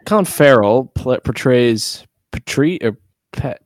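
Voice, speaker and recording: A man's voice: mid-range voice, expressive, unhurried, no room sound, studio quality. A man co-hosting a podcast in casual chat, laid-back and wry, swearing casually. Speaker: podcast co-host.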